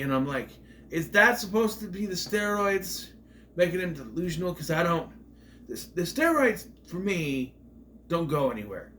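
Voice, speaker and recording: A man casually reviewing a movie in a rambling, offhand way, retelling scenes in quoted voices and breaking into loud mock outrage. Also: a little high, big pitch swings, normal speed, a little hiss or hum.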